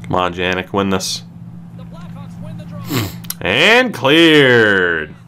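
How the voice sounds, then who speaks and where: A man calls his own hockey video game in lively play-by-play, his voice bright and sharp with wide swings in pitch. He drags his words out slowly and leans on each call, from despairing groans up to sudden shouts. A faint hum sits under the recording. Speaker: gaming streamer. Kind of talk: excited play-by-play commentary.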